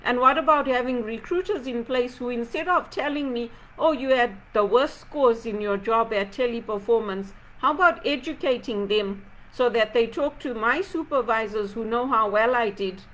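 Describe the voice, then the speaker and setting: A woman from Zimbabwe with a fairly high voice speaks in an impassioned, aggrieved reflection. She keeps pressing rhetorical questions one after another, her tone pointed and insistent. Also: bright, forceful tone, low-quality recording. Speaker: video blogger.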